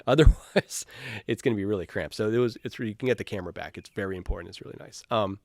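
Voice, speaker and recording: Casting note: man, slightly low voice, film director talking over his own movie, rambling and keen. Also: quick pace, no room sound, studio quality. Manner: rambling, enthusiastic, many fillers and restarts. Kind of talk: director's commentary, casual chat.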